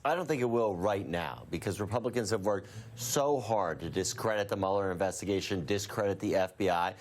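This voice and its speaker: A man who is a newspaper political reporter, speaking in a measured way with hesitant restarts on a studio news panel. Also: fairly low pitch. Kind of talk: cable news panel talk.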